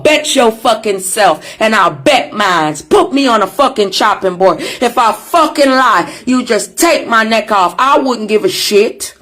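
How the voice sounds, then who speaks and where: A woman with a Jamaican accent in an angry social media rant, cursing and shouting insults. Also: fairly high pitch. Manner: furious, profane, shouting insults.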